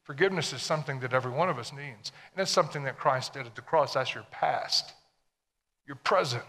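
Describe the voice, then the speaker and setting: A man's voice: medium pitch, brisk, bright, forceful tone, in a large hall. A man preaching a sermon to a congregation, emphatic and full of questions to the listeners. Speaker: pastor.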